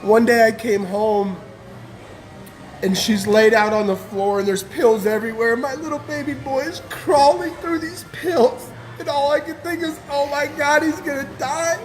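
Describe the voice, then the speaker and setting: A man's voice: very high-pitched, fairly even intonation, measured pace, soft background music. A man giving an impassioned personal testimony as a guest speaker, fervent and emotional, with casual slang.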